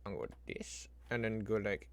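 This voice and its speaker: On a stream, a man with a voice on the low side works on a spreadsheet, speaking a little fast. He muses aloud in a loose, rambling way, addresses his computer, and adds improvised sound effects over typing and clicking.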